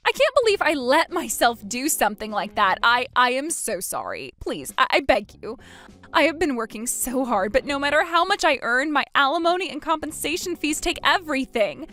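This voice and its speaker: A groveling sister-in-law, pleading and whining in a high, shrill voice that keeps leaping upward, as a woman storyteller puts her on. She sounds self-pitying and desperate, like a storybook character begging for help. Soft music plays faintly behind her. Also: full character voice. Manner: pleading, whiny, pitch jumps high. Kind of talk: storybook narration.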